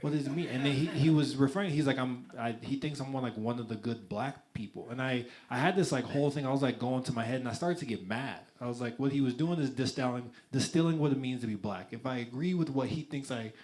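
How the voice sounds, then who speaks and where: A man's voice: medium pitch, fast, few pauses, darkish tone. A man doing a live stand-up comedy set, talking loosely with lots of restarts and acting out other people's voices. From United States. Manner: loose, conversational delivery with frequent restarts and acted-out voices. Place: comedy club stage. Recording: live club recording with clear crowd laughter.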